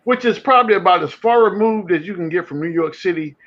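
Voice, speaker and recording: A man co-hosting a casual sports chat, animated and rambling, with many restarts. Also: sits high, fast, dull audio. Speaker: podcast co-host. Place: home.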